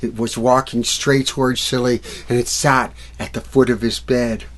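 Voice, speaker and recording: A man telling a fairy tale to children at a library event, acting out the characters and sound effects with lively energy. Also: medium pitch, moderate pace. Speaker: musical storyteller. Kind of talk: storytelling for children.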